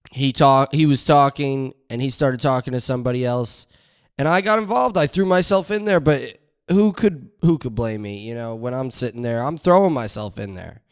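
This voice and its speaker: A man's voice: mid-range voice, smooth. A man hosting a podcast, telling a casual rambling story with playful exaggeration and frequent asides. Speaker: podcast host.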